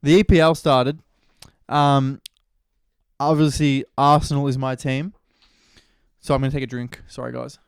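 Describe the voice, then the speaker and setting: A man's voice: medium pitch, level tone, unhurried, long pauses, smooth, no echo, clean studio sound. A man with an Australian accent hosting a solo podcast in rambling, crude, jokey casual chat. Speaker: podcast host.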